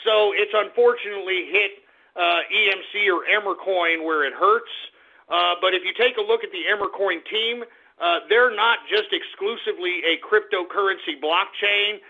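A man hosting a call-in radio show, abrasive and yelling insults at his callers, heard with a tinny lo-fi sound. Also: sits high, normal speed. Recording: tinny lo-fi phone-line sound.

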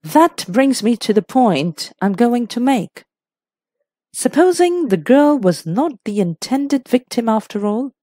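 A woman's voice: fairly high pitch, very animated, takes it slowly, warm tone, dry recording, clean studio sound, heavily acted. A woman voicing a diffident, careful middle-aged male doctor explaining things step by step.

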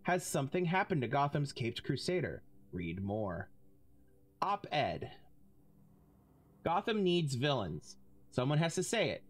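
A game streamer in casual let's-play commentary, reading in-game text aloud and bursting into loud laughter, with casual swearing. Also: medium pitch, sing-song, unhurried, pauses often.

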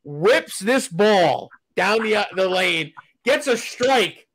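A man with a notably high speaking voice tells a rowdy backstage story in casual podcast chat. He swears constantly and laughs as he goes, an animated storyteller among friends. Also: slow pace, slight background noise. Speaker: podcast co-host, pro wrestler.

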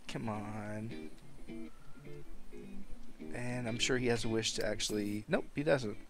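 Over game music, a man hosting a let's play chats casually about a life-sim game, talking to his characters and laughing often. His voice is fairly low and he takes things slowly.

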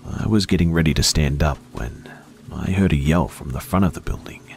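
A man reading a first-person horror story aloud in a hushed, dramatic way, slipping into whispers at tense moments. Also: a bass voice, brisk, a little hiss or hum.

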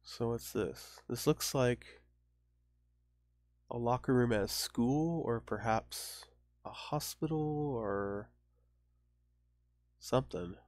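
Slow-talking man narrating a game. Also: medium pitch, darkish tone, dry recording, clean studio sound. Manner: chatty, reads game dialogue aloud, apologetic asides. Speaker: let's play host. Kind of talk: casual gameplay commentary.

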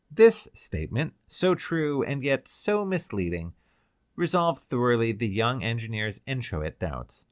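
A man's voice: mid-range voice, sing-song, measured pace, no room sound, clean studio sound. A man reading a science fiction short story aloud as an audiobook narrator.

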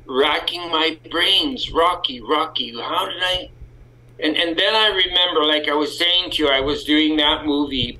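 A man's voice: a little high, pushed and bright, poor audio. A man with a Canadian accent, a guest actor talking candidly on a podcast, rambling and correcting himself as he goes. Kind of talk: casual podcast interview.

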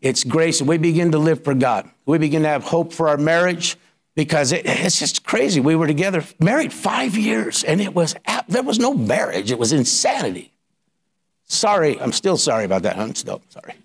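A man's voice: on the high side, big pitch swings, normal speed, husky. A middle-aged man pastor telling his personal story in a sermon, colloquial and building to emphatic preaching.

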